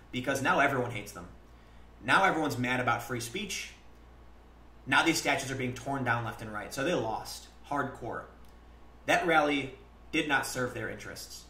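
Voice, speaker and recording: A livestream host with a mid-range voice that comes across pushed and bright offers earnest, conversational commentary. He acts out quoted exchanges along the way. Expect a roomy echo and faint noise in the background.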